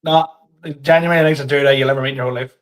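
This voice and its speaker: A man's voice: mid-range voice, steady tone, very fast, a crowd in the background. A man, co-hosting a podcast in an easygoing, agreeable chat and laughing readily. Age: 30s. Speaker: podcast co-host and stand-up comedian. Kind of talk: casual chat.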